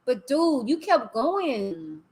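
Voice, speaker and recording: A woman's voice: high-pitched, very animated, slow pace, a little mellow. A woman hosting a live stream, talking bluntly and animatedly in casual commentary. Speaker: livestream host.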